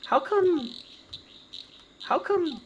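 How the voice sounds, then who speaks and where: High curious children, as a man voices them. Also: lively intonation, extremely slow, muffled recording, a little hiss or hum, full character voice. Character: two wary village children.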